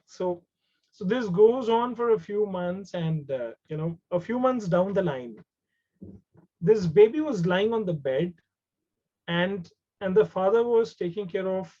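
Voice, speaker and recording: His voice sits high and dark, with lively intonation and an unhurried pace, as this Indian English-accented man tells a story on a webinar. It's conversational, with repeated words and switches into Hindi, captured through dull, lo-fi video call sound.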